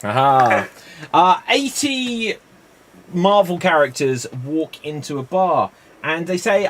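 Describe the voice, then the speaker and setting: A man hosting a live improv comedy stream, telling quick joke setups and calling on players by name with easy chuckles. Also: on the high side, very animated. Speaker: improv show host.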